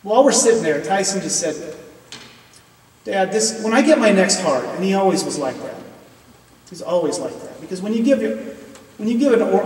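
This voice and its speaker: A middle-aged man speaks from the front of a large chapel with a somewhat high voice. He sounds earnest and emotional as he pleads with the crowd. He is picked up from a distance, so long reverb rings around his words, with faint room noise underneath. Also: expressive, fast, darkish tone. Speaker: university professor speaking in chapel. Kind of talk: heartfelt chapel speech. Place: large hall, recorded from afar.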